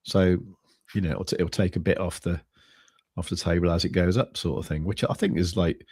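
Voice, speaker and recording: A man with a low, deep voice talks casually on a crypto trading stream. He rambles, often stopping to restart a phrase and padding with fillers. The sound is dry and close. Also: steady tone, fairly quick, darkish tone, breathy edge, no echo. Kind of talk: casual chat.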